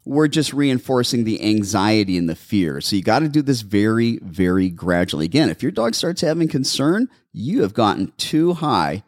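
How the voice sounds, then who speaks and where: Lively-voiced male dog trainer. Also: on the low side, moderate pace, hardly any pauses, no echo, clean studio sound. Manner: animated, instructive, repeats steps. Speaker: dog behaviorist, podcast host. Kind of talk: casual advice chat.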